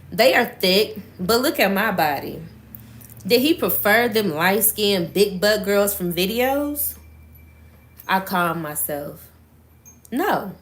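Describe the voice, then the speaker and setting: A woman reading a memoir aloud on a live stream, slow and deliberate, stopping to reread lines she misreads. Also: medium pitch, fairly bright tone.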